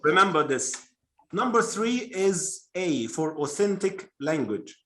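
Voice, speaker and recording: A man's voice: sits high, sing-song, a little slow, a bit bright. A man leading a workshop for English teachers, explaining step by step and drawing answers out of his audience. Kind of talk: workshop presentation.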